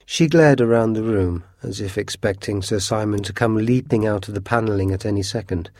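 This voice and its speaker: Low-voiced male storybook narrator. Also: dry recording, clean studio sound. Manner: measured, expressive reading.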